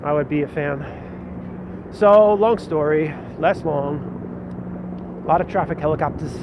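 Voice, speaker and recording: A man's voice: a little high, measured pace. Rambling man livestreaming from a city street. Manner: rambling, self-deprecating, reading comments aloud. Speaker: vlogger and stage actor. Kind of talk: casual live-stream chat while walking. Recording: muffled lo-fi phone audio with loud street noise.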